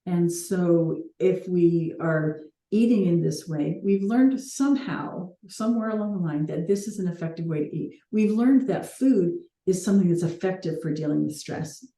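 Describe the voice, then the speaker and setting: A woman's voice: fairly low pitch, normal speed, few pauses, dark tone, reverberant. A woman hosting a coaching call, talking earnestly and reflectively with light laughs now and then.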